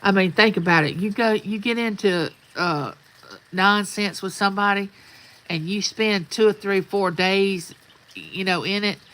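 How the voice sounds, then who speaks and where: A woman's voice: medium pitch, a little slow, fairly bright tone, low-quality recording. An older woman, telling folksy stories in a rambling, casual chat outdoors. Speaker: vlogger. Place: outdoors at sunrise.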